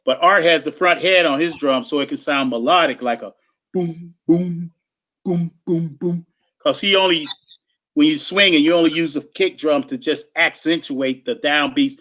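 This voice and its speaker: A man telling lively stories in casual chat, imitating drum sounds and voices and laughing often. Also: a little high, moderate pace. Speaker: guest drummer telling stories.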